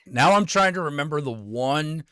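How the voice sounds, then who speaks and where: A man's voice: fairly high pitch, animated, moderate pace, pushed and bright, clear, resonant tone, dry recording, clean studio sound. A man from California chatting casually as host, hesitant and full of restarts and questions. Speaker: show host. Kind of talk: casual chat.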